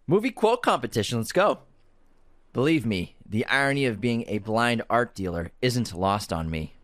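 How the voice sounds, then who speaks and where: A man's voice: medium pitch, lively intonation, normal speed, a bit bright. A young man co-hosting a podcast, reading ads and trading jokes in casual, playful banter. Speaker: podcast co-host. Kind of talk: casual chat with ad reads.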